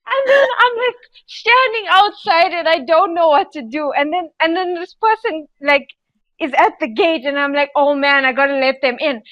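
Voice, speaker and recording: Very high-voiced giggly woman telling a story. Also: unhurried, no room sound, lo-fi sound. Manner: animated, giggly, rambling with many fillers. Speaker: podcast co-host. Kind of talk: casual podcast storytelling.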